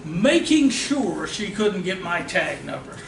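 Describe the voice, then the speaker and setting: Middle-aged male trainer, animated storyteller; roomy room, distant mic, noisy background. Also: sits high, takes it slowly. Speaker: real estate investing trainer. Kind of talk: storytelling seminar talk. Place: meeting room of an investors' association.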